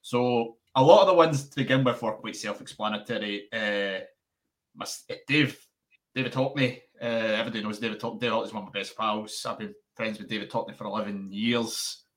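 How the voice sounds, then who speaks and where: A young man chatting casually as a podcast founder, rambling and restarting his sentences in an animated way. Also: on the low side, fairly quick. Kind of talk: casual interview chat.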